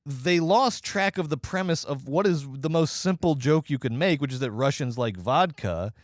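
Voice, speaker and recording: Male podcast film critic, sarcastic and animated, lively pitch, dry booth sound. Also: dry recording. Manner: sarcastic, animated, rapid riffing. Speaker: podcast co-host, movie reviewer. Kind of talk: casual movie review chat.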